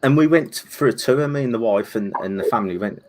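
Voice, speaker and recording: A man's voice: medium pitch, fast. A man, co-hosting a casual live chat over a video call, joking and talking in loose, restarting sentences. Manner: chatty and joking, lots of restarts and fillers. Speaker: co-host.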